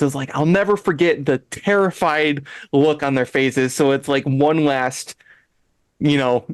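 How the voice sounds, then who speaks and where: A man's voice: medium pitch, moderate pace, clear, resonant tone, no echo. A man hosting a podcast, animatedly retelling an episode with frequent laughs and restarts. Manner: animated, acts out characters' lines in voices; laughs often, restarts sentences. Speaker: podcast host. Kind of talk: casual chat, retelling an episode.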